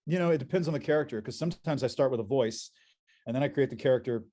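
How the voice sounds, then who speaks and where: A male voice actor rattles off animated anecdotes in rapid-fire fashion at medium pitch while guesting on a convention panel. His restarts come with repeated words.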